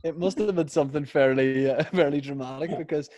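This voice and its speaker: A young man, co-host of a podcast, telling a childhood story in a casual chat with dry, deadpan asides. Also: on the high side, a little fast.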